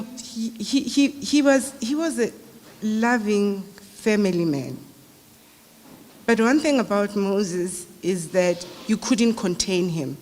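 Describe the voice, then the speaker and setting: A woman's voice: mid-range voice, darkish tone. A middle-aged South African woman giving a eulogy at a memorial service, in a conversational, anecdotal storytelling way. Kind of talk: memorial speech. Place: large hall. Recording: long reverb of a large hall.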